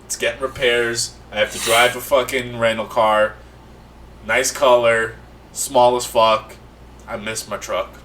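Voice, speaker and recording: Animated swearing man on a podcast. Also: medium pitch, a little slow. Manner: swears freely, animated and joking. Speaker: podcast co-host. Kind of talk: casual chat.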